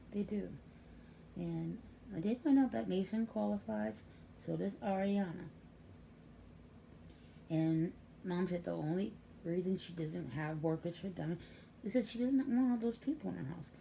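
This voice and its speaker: Older woman, grandmother type, gravelly and mellow, chatty storyteller. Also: lowish voice, slight background noise. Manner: chatty, acts out quoted voices. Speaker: grandmother and caregiver. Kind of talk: casual storytelling vlog.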